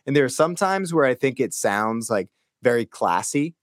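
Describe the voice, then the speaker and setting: A man's voice: mid-range voice, very animated, normal speed, no room sound, clean studio sound. A man in his thirties from Boston with a Boston accent, co-hosting a podcast, thinking aloud with plenty of fillers. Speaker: podcast co-host. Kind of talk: casual chat.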